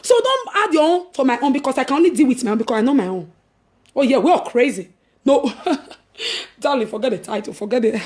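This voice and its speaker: A woman with a Nigerian accent telling a story in casual chat, animated, laughing and swinging between loud and hushed. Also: high-pitched, a little fast. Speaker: evangelist vlogger.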